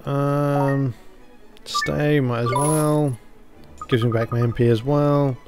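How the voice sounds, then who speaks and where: A man's voice: mid-range voice, steady tone, slow pace, music in the background. A man hosting a let's play, casually thinking aloud about what to do next in the game. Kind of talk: casual gameplay commentary.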